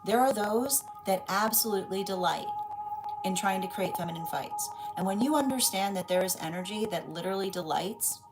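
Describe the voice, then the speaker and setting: A woman's voice: mid-range voice, a little mellow, low-quality recording. A woman giving a live tarot reading, rambling and tagging "right?" onto her points. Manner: rambling, repeats "right?" often. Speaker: tarot reader.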